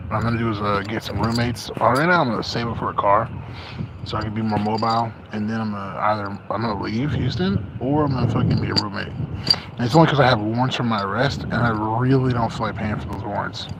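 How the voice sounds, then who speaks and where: A young man livestreaming from outdoors on grass, rambling casually and cursing in frustration, his voice rising loud and dropping to mutters. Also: fairly low pitch, steady tone, fast talker, noisy background. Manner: profane, frustrated, swings loud and quiet.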